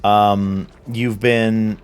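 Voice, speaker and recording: A man's voice: fairly low pitch, level tone, drawn-out words, clean tone, faint music behind. A man voicing a brash, rowdy male vampire wingman with combative, swearing banter in a tabletop role-play. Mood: mock-annoyed.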